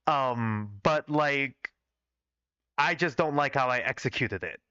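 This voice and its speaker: A young adult man casually reads his old fanfiction on a livestream, rambling with fillers and critiquing his own writing. He speaks slowly in a medium-pitched, sharp, clean voice, recorded dry with the highs cut off.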